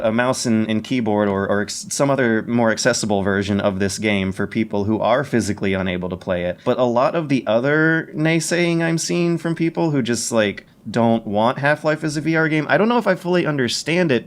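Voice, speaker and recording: A man co-hosting a casual podcast, who talks quickly and keen, stammers and corrects himself as he goes. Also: mid-range voice. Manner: fast, stammering, self-correcting enthusiasm. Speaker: podcast co-host.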